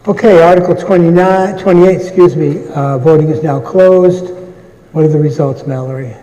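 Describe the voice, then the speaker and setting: A man moderating a town meeting, calling articles and votes in a brisk, procedural way with light asides. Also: a little high, mellow. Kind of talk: running a public meeting. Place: large meeting hall. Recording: echoey hall with long reverb.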